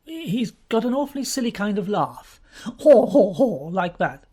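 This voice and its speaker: A woman's voice: mid-range voice, sing-song, normal speed, voice pushed up. A woman voicing an earnest, bluff young man, recently out of the Navy, in an audiobook. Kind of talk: audiobook character reading.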